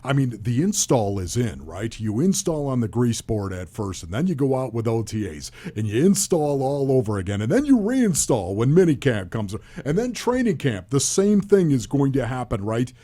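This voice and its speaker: A man working as a radio color analyst, talking football in an animated, emphatic way and firing off rhetorical questions. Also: medium pitch, moderate pace, hardly any pauses. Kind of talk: sports talk analysis.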